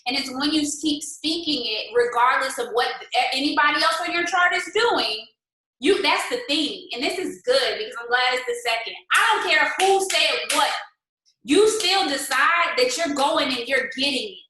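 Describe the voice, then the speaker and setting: A woman leading a motivational livestream for her sales team, animated and talking straight to viewers in the comments. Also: high voice, normal speed, echoey room, poor audio. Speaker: network marketing team leader.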